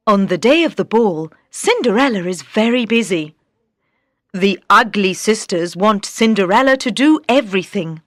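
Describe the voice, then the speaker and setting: A woman narrating a fairy tale slowly and clearly for beginner English learners. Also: medium pitch, no echo, clean studio sound. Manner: slow, clear, expressive. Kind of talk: slow storybook narration for beginners.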